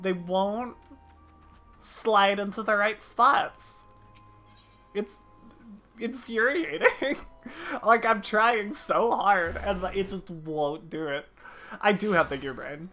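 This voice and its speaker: A woman's voice: medium pitch, a bit bright. A young woman gaming streamer chatting casually and laughing at herself. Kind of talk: casual live-stream chat while gaming.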